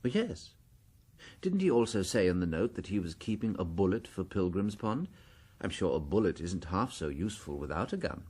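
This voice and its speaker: A mild English priest sleuth. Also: male voice, low voice, sing-song, moderate pace, breathy edge, full character voice. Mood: probing. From England. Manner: soft-spoken, gently probing. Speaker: priest detective. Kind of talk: radio drama acting.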